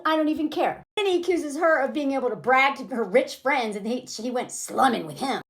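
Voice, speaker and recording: Emphatic high lively woman. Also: brisk. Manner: emphatic, indignant, acts out quoted dialogue. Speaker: commentator reacting to a film scene. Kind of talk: casual commentary vlog.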